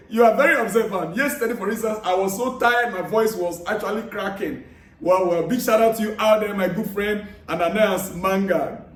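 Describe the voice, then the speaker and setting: A man vlogging about football news, chatting casually and giving friendly, repetitive shout-outs while reading viewer comments aloud. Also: high-pitched, moderate pace. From Africa. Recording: echoey room, distant mic.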